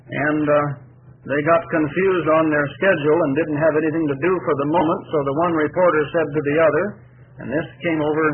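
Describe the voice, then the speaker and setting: Male preacher, measured and emphatic sermon delivery, tinny lo-fi radio sound. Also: on the high side. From United States. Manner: measured, emphatic, rhetorical questions to the congregation. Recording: tinny lo-fi radio broadcast with faint hiss.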